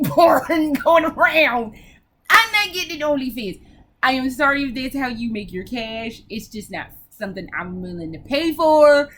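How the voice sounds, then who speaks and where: A woman's voice: sits high, fairly bright tone, a little hiss or hum. A woman hosting a casual video game vlog, talking in a brash, profane, rambling way with frequent giggles.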